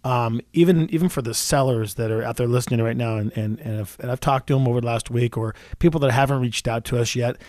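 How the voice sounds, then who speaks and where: A man in his forties hosting a radio talk show as a real estate agent, talking quickly with many restarts and repeated words. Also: mid-range voice, a little mellow, no echo, studio quality. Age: 40s.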